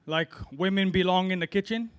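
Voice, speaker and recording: A man from Hawaii with a fairly high voice works through an open-mic stand-up set. He rambles, fills gaps with ums and long pauses, and sounds middle-aged. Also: clean tone. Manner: rambling storytelling with fillers and drawn-out pauses. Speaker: amateur stand-up comic.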